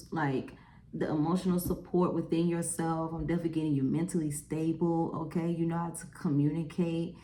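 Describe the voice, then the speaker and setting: A woman's voice: low voice, reverberant, a little hiss or hum. Chatty woman doing a tarot reading. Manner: chatty, animated, lots of "okay?" and "y'all". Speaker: tarot reader. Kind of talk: casual tarot reading to camera.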